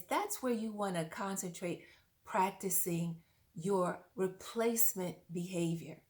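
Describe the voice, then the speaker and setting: With a medium-pitched, slightly mellow voice, the woman coaches parents straight to camera. Earnest in tone, she talks directly to the viewer and keeps asking the listener questions.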